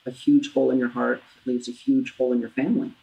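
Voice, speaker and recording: A woman with a low, steady voice hosts an intimate interview about loss. She speaks earnestly, often restarting her sentences as she works through hard memories. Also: vocal fry, poor audio. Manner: earnest, halting, with many restarts. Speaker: talk show host. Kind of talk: heartfelt interview about grief.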